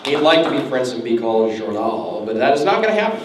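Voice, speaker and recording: A man's voice: medium pitch, big pitch swings, fast. A man giving a joking, rambling roast speech at a birthday party, teasing his friends. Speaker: roast speaker. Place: party hall with a crowd. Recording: echoey hall, far from the mic, noisy.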